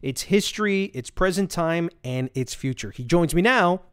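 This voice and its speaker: Male podcast host, earnest, slightly high, smooth voice, dry close mic. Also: animated, moderate pace, no room sound. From United States. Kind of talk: scripted show hosting.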